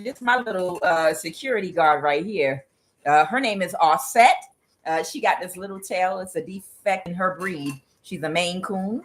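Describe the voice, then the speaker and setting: A woman's voice: mid-range voice, moderate pace, rough recording. A woman giving a casual tarot reading, talking bluntly with profanity and drifting into rambling asides to her cat. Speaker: tarot reader.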